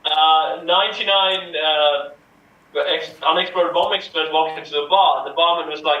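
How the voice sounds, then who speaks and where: A man playing in an online improv comedy game, telling jokes in a halting, unhurried way. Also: fairly high pitch, steady tone, distant mic. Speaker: improv player. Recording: dull echoey mic from afar.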